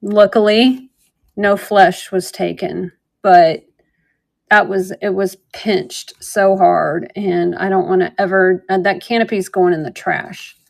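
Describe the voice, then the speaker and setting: Woman host of a live jewelry sale, casual and rambling, slight vocal fry. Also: mid-range voice, steady tone, slow, darkish tone. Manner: chatty, rambling storytelling with fillers. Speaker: online jewelry seller.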